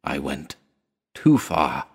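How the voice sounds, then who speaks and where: A man's voice: low-pitched, lively intonation, unhurried, fairly bright tone. A man doing a shrieking, terror-struck haunted man. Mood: hoarse dread. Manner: shrieking, then moaning and hoarse whispering. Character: terrified drug-haunted man, raving of hounds.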